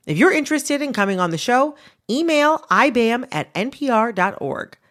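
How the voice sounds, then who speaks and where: A woman hosting a radio podcast, delivering scripted narration and interview questions in a lively, emphatic and playfully indignant way. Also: medium pitch. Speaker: podcast host. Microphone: studio microphone.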